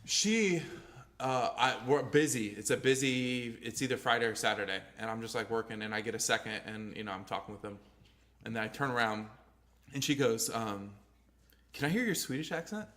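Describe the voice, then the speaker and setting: A man co-hosting a casual podcast, voice pitched at an ordinary middle height. He rambles along, swears freely and often leaves sentences hanging. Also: fairly quick, a bit bright. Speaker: podcast co-host. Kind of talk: casual chat.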